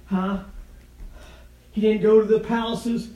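High-voiced preacher shouting in echoey church. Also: male voice, level tone, slow pace. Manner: chanting preaching cadence with constant "huh?" tags; swings from low murmurs to high shouted climaxes. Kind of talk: sermon. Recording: echoey room from far off.

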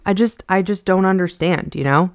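A woman's voice: lowish voice, moderate pace, no room sound, clean studio sound. A woman hosting a podcast, talking casually and frankly, venting with exasperation and the odd swear word. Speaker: podcast host.

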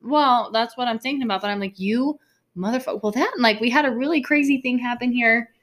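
A woman's voice: fairly high pitch, fast talker, a bit bright. A woman in her thirties chatting casually, wry and weary, swearing often. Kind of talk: casual chat.

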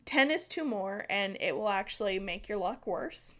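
A woman's voice: medium pitch, lively intonation, normal speed, a bit bright. An American woman co-hosting a podcast, chatting casually about folklore with lots of fillers and some stumbling. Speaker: podcast co-host.

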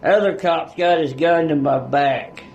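A man's voice: fairly high pitch, unhurried, creaky, darkish tone, dull audio, a little hiss or hum. A man guest on a podcast telling a story in a casual, blunt way, with heavy swearing and rural turns of phrase. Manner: blunt and heavily profane, rural dialect.

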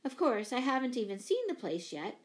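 A woman's voice: on the high side, sing-song, a little fast. A woman voicing a practical, chatty mother who works as a librarian, read for a children's storybook. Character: middle-aged mother and librarian, brisk, practical.

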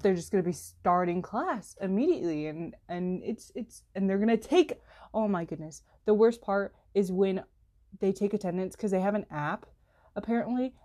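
A teenage girl vlogs casually to the camera as a student, rambling on and dropping "like" and "literally" constantly. She's animated, and her pitch leaps up whenever she gets exasperated.

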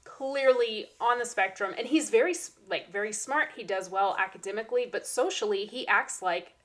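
At a moderate pace and a pitch on the high side, a teacher chats casually on the podcast she co-hosts. Her stories are animated, complete with acted-out kids' voices.

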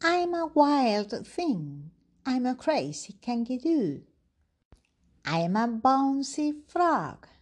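A woman voicing a boisterous little animal boy cub in a storybook reading, bouncy, loud and eager. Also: high-pitched, sing-song, slow pace, voice pushed up, heavily acted. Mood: excited. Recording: music playing underneath.

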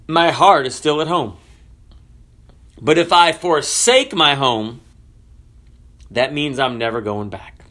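Bright, high-voiced preacher delivering a sermon. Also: male voice. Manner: dramatic swings between loud cries and hushed drops; asks the listeners questions.

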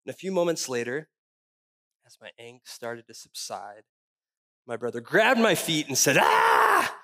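A male pastor preaching a sermon, moving from personal stories to hushed, solemn reflection. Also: mid-range voice, big pitch swings, moderate pace. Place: church.

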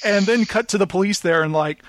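A man's voice: high-pitched, brisk, no echo. A man in casual podcast chat about a film, retelling scenes with a lot of laughter and acting out the characters' lines. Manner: animated retelling, laughs often, acts out lines. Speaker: podcast guest.

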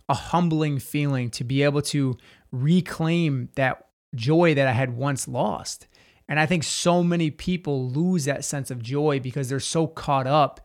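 A man candidly telling a personal story as a podcast guest, intense and emphatic, cursing freely. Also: on the high side.

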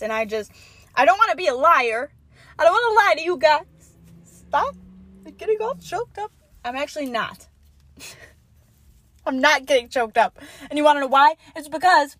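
A young woman with a high, bright-sounding voice rambles through a casual solo podcast, giggling and swearing freely. The sound is close and dry, with no room around it. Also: no echo. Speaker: podcast host. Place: parked car.

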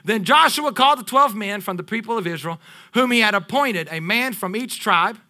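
A pastor in his thirties preaching a sermon to his congregation, animated and joking with them as he goes. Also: high voice, moderate pace. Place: church sanctuary.

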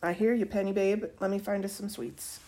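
A woman's voice: mid-range voice, fairly even intonation, a little fast, mellow, voice pushed up, natural voice. A woman reading aloud, voicing a wise, no-nonsense neighbor who tutors a child, speaking plainly and firmly. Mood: matter-of-fact.

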